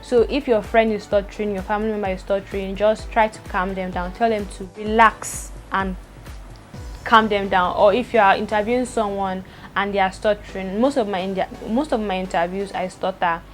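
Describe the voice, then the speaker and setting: Stuttering fast-talking woman. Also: mid-range voice, fairly even intonation, soft background music. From Nigeria. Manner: fast talker with frequent stutters and repeated words. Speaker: vlogger. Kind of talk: personal talk to camera.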